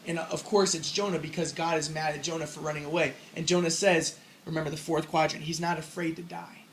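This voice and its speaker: A man's voice: a little high, flat delivery, quick pace, fairly bright tone, slight background noise, rough recording. A man giving a casual spoken lecture on religion, rambling as he explains and acting out the lines he quotes.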